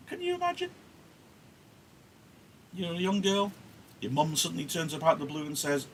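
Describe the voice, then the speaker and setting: A man's voice: on the high side, wildly swooping pitch, normal speed, long pauses, slight background noise. A man teaching a play on a livestream, explaining in a chatty way with wry asides. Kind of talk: casual livestream lesson on a play.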